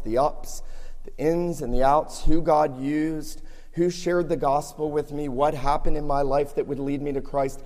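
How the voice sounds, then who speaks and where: A man's voice: medium pitch, darkish tone. A pastor preaching a sermon, a man with a somewhat scratchy voice who builds earnestly to emphatic peaks. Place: church sanctuary. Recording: long hall reverb.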